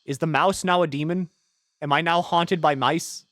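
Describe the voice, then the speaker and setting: A man streaming a video game, reading its text aloud in a low mutter and breaking into rambling, jokey asides full of "like". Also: fairly even intonation, moderate pace, a bit bright, no room sound. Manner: jokey, irreverent, swears.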